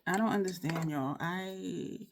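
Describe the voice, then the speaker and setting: A woman's voice: on the low side, a little slow, noisy background. A woman, chatting casually in a makeup tutorial, rambling and apologetic, with sighs and many restarts. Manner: frustrated, rambling, apologetic, repeats herself. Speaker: beauty vlogger.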